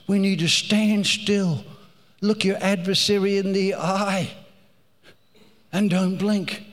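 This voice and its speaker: A man's voice: high voice, steady tone, slow, pauses often, long reverb tail. A man preaching a sermon, telling stories with rising emphasis and repeated phrases.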